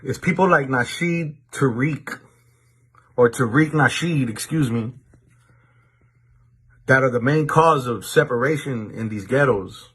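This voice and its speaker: A man with a husky, slightly breathy voice talks straight to his viewers in a monologue. His tone is deliberate and stern, and he often repeats words as he restarts a sentence. He comes from the Los Angeles area. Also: mid-range voice, fairly bright tone. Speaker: commentator addressing viewers. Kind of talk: direct-to-camera monologue.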